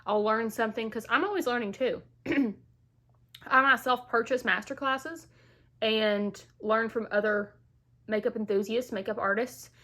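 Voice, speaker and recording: Recovering from illness and slightly winded, this young beauty vlogger talks her way through a makeup tutorial at home in a chatty, playful manner, with plenty of asides and a Southern "y'all." Her pitch is on the high side, her intonation fairly even, her pace measured and her tone sharp.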